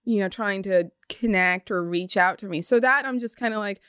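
A woman guest in a studio, casually telling ghost stories with lively laughs and acted-out bits. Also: medium pitch, moderate pace, clean tone, dry recording. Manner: animated, laughs often, acts out voices. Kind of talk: casual storytelling chat.

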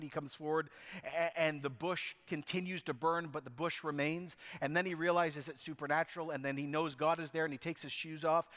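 Male pastor, emphatic storyteller, slightly high voice, long hall reverb. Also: a bit bright. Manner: emphatic, storytelling preacher with restarts. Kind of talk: sermon.

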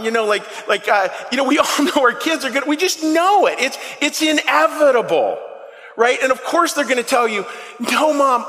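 A man preaching a lively, conversational sermon into a handheld mic, often questioning the congregation. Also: very high-pitched. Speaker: pastor. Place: church sanctuary. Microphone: handheld microphone. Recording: long hall reverb.

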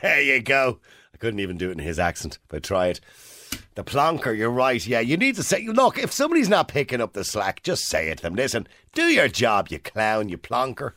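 A man hosting a radio talk show, chatty and jokey with quick asides. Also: medium pitch, wildly swooping pitch, pushed and bright, no echo. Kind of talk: casual radio chat.

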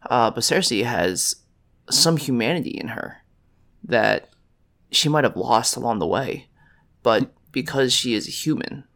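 A man's voice: medium pitch, animated, unhurried, gravelly, a bit bright. A man casually talking over a TV show as a podcast co-host, hesitant, with many "uh"s and tag questions. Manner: hesitant, lots of uh and right?. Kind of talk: casual TV recap chat.

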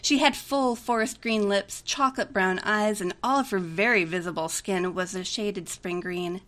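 A woman's voice: mid-range voice, normal speed, fairly bright tone. A woman reading a romantic comedy aloud in a chatty way, giggling often between lines. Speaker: story reader.

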